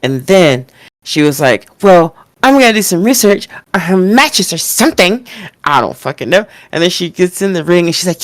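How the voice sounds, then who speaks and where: A woman's voice: fairly low pitch, sing-song, moderate pace, no echo. A woman co-hosting a wrestling podcast, ranting casually with lots of swearing and mocking impressions. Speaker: podcast co-host.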